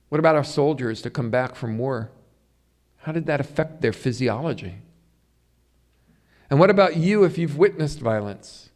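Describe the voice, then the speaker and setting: A middle-aged man delivers a public lecture, pressing his listeners with one rhetorical question after another. His voice sits a little on the high side for a man, and he leans hard on key words. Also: darkish tone. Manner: rhetorical questions to the audience, emphatic. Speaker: Ayurveda lecturer. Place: yoga center hall.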